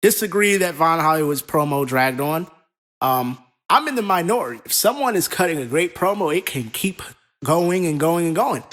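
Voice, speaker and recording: A man co-hosting a casual podcast, talking in an animated, profane, rambling way. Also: a little high, moderate pace. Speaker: co-host.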